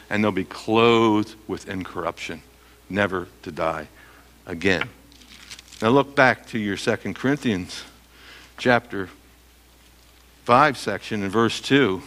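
A man's voice: lowish voice, fairly bright tone. A middle-aged man preaching a sermon as pastor, emphatic and quizzing his listeners with questions he answers himself. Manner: emphatic, asks the congregation questions and answers them.

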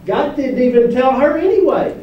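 A man's voice: extremely high pitch, moderate pace, dull audio. Pastor guy preaching, lots of what? questions to the crowd, echoey church hall, mic kinda far. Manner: preaching with rhetorical questions to the congregation. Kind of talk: sermon.

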